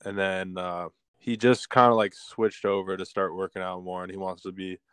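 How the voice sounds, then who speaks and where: A young man co-hosts a podcast and chats casually. His voice is very low and smooth, with little rise and fall. The sound is close and dry. He tells his stories in a laid-back way, full of "like" and "uh". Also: little pitch movement, moderate pace, a bit bright, no room sound. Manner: laid-back, storytelling with many fillers. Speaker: podcast co-host. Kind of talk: casual chat.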